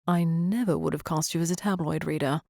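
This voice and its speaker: A woman's voice: low-pitched, fairly even intonation, a little fast, gravelly, mellow, no echo. A woman voicing a reserved young Englishman with an English accent, dry and teasing in a storybook reading.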